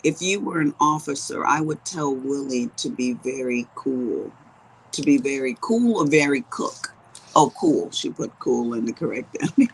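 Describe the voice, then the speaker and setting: A woman in her fifties who chats to her viewers while crafting. She tells stories in a low voice. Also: expressive, normal speed, vocal fry, husky, low-quality recording. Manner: chatty storyteller talking to viewers as she works. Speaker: crafting vlogger. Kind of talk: casual chat while crafting.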